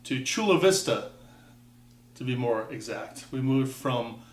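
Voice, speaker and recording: A man's voice: mid-range voice, lively intonation, measured pace, recorded from a distance. A man in his fifties from Wisconsin, telling a rambling personal story with wry asides and frequent restarts. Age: 50s. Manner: rambling, self-interrupting, wry. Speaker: vlogger. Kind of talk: casual personal monologue. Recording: echoey room, voice off-mic.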